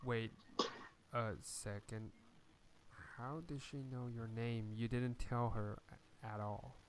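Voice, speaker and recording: A man at a tabletop game chiming in with quick, lively remarks. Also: medium pitch. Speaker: player.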